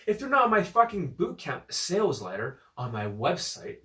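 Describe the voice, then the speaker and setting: A man's voice: fairly high pitch, sing-song, normal speed, fairly bright tone, echoey room, recorded from a distance. A man giving a blunt, profane, combative unscripted rant to camera as a dating coach, recorded on his phone.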